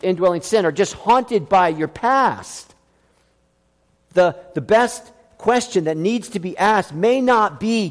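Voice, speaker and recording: A man's voice: high-pitched, expressive, slow, big-room sound. A man preaching a sermon as a pastor, emphatic, with many rhetorical questions.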